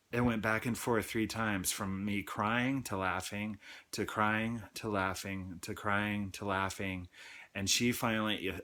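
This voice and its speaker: A man in his thirties gives a personal testimony on his own channel. His voice sits a little low, and he talks very slowly. He halts, restarts and comes back to his words in a confessional way. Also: fairly bright tone. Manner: slow, halting and confessional, with repeated restarts. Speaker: channel host.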